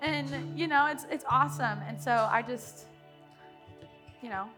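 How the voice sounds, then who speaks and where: A woman's voice: on the high side, a little slow, music in the background. A woman leading worship in a church, talking off the cuff with emotion, often laughing, her speech full of "like.". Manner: emotional, laughing through her words, heavy use of "like". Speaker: worship leader. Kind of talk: impromptu church talk. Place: church sanctuary.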